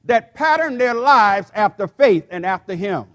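An older male pastor preaching in his sixties, with a high voice for a man. He talks slowly and deliberately, sometimes doubling his words as he addresses the congregation. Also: lively intonation, fairly bright tone. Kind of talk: sermon.

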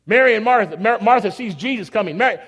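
A man preaching a sermon in a conversational, animated way, acting out everyday scenes. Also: high voice, fast, husky, long reverb tail.

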